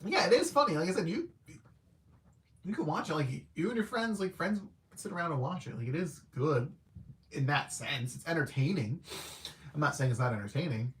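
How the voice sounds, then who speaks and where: A man's voice: a little high, lively intonation, a little fast, fairly bright tone. A man giving a casual, rambling spoken movie review. He hesitates, leans on filler words, and chuckles at his own remarks. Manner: rambling and hesitant, heavy use of "like" and "I don't know"; laid-back and conversational. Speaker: film reviewer.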